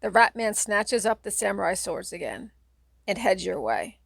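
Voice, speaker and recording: A woman narrates a children's horror book in the second person, dramatic and steady. Her voice carries a gravelly fry, at an ordinary pitch for a woman. The recording is dry and close. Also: moderate pace, no room sound. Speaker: audiobook reader.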